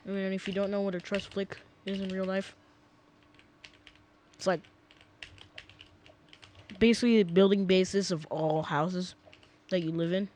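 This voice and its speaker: A man's voice: high-pitched, level tone, unhurried, long pauses, a little mellow. A young man casually rambling through gameplay commentary at home, often sidetracked and full of fillers. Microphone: desk mic.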